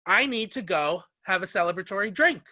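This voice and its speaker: A man's voice: high-pitched, expressive, brisk, sharp tone, no echo. A man hosting a casual interview, chatty and prone to telling stories. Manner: chatty, storytelling. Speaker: interviewer, host.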